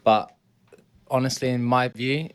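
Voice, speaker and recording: A male co-host speaks at a middle pitch from the show's office. His contributions are jokey and playful, short teasing asides dropped into the conversation. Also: fairly even intonation, measured pace, clean tone. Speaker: podcast co-host. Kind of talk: casual podcast chat.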